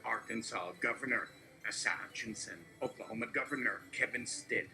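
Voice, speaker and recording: A man reading a satirical political speech aloud in a deadpan way, listing names and policies one after another. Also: mid-range voice, normal speed, vocal fry, faint music behind, rough recording. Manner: steady listing delivery. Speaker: host reading a mock speech.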